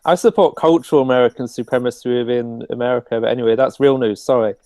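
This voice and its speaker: A man from the UK with a British accent, a guest on a casual live stream, making provocative deadpan jokes. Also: mid-range voice, fast. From United Kingdom.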